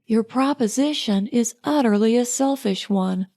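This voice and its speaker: A woman voicing a proud, sharp-tongued young society woman in an audiobook, speaking slowly and with pointed distinctness. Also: fairly high pitch. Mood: cool, chiding. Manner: crisp and pointed, slow distinct delivery.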